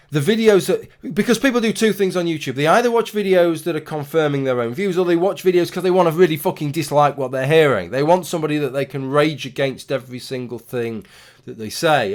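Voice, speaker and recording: A man in his thirties talking casually to camera in a rambling, opinionated way, with restarts and the odd swear word. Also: on the high side. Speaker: YouTuber. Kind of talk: casual talking-head commentary.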